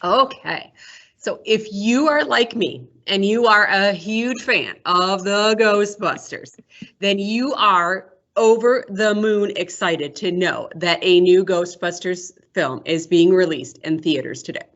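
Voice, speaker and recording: A woman librarian slowly and expressively summarizing a picture book like a storyteller. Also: mid-range voice, a bit bright, muffled recording. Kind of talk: picture book review with read-aloud summary.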